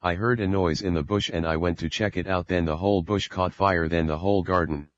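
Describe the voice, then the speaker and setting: A man's voice: low voice, fairly even intonation, a little fast, no room sound, lo-fi sound, close to an everyday voice. A man voicing a remorseful, timid young son who pleads and apologizes, in an audiobook reading. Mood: ashamed.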